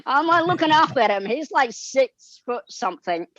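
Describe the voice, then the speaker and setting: A male guest raised in Australia, telling stories in a casual interview, animated and giddy, acting out quoted lines. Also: extremely high pitch, moderate pace, no echo, dull audio.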